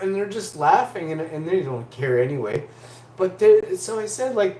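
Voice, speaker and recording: A man's voice: on the high side, expressive, moderate pace, darkish tone, roomy sound, a little hiss or hum. A man in his forties from Canada, rambling profanely through stories as a livestream host. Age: 40s. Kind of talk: rambling casual monologue.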